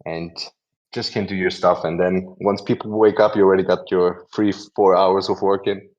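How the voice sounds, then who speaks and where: Male host, lowish voice, chatty and self-correcting, lo-fi dull sound. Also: flat delivery, moderate pace, a little mellow. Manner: chatty, rambling, self-correcting, laughs often. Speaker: host of a community audio event. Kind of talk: casual chat and introduction.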